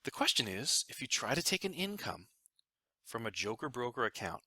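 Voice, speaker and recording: A man's voice: mid-range voice, normal speed, slightly rough, dry recording. A man presenting a casual finance explainer, joking and talking to himself as he draws on screen. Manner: joking, animated, talks to himself while drawing. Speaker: financial advisor presenting a video.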